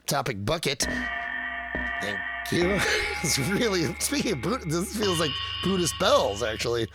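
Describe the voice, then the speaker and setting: A man's voice: on the high side, very animated, measured pace, over loud music. A man co-hosting a podcast in casual chat, joking, rambling and swearing. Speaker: podcast co-host.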